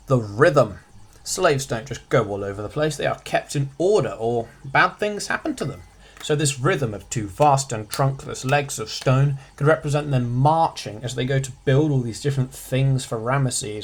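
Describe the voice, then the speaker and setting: A man with a husky, slightly breathy voice talks through a poem for exam revision. He keeps it light, dropping quick sarcastic jokes between his points, and his pitch sits in a middling range. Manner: jokey, with quick sarcastic asides. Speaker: revision tutor. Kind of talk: casual revision lesson.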